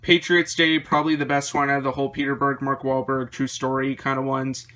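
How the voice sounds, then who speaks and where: A man vlogging about his movie collection, rambling through titles with quick opinions, his voice a little worn. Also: mid-range voice, little pitch movement, bright, forceful tone. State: slightly losing his voice. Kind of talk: casual chat showing a collection.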